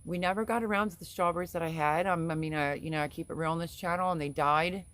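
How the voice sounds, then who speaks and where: A woman's voice: lowish voice, fairly even intonation, fast, a bit bright. A middle-aged woman hosting a homestead live stream, reading viewer comments aloud in a chatty, rambling way and laughing often. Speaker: homestead channel host.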